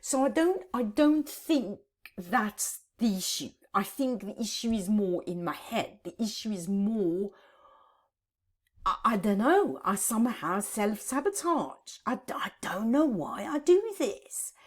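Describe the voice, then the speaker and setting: A woman in her fifties talks to camera from her home office, halting and close to tears as she vlogs. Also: mid-range voice, expressive. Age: 50s. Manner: halting, repeats words, tearful. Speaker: decluttering vlogger. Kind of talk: emotional vlog to camera.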